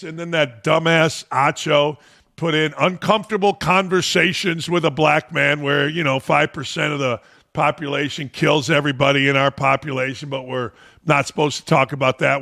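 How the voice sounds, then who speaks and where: Gravelly, blunt-talking male podcast host. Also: fairly high pitch, pushed and bright. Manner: blunt, profane, combative. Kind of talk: ranting sports-talk commentary.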